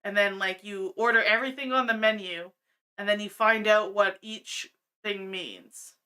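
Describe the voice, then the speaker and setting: A woman's voice: mid-range voice, fairly even intonation, normal speed, bright, forceful tone, clean tone. A woman streaming a video game from home, chatting casually and laughing often as she thinks aloud. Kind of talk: casual gameplay commentary. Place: home, cat on her lap.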